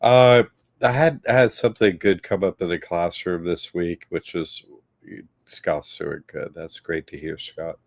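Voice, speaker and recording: A man co-hosting a casual livestream chat, telling stories with lively quoted voices and laughs. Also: deep voice, a little slow, vocal fry, no echo, studio quality. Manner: animated storytelling, acting out quoted voices with laughs. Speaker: co-host.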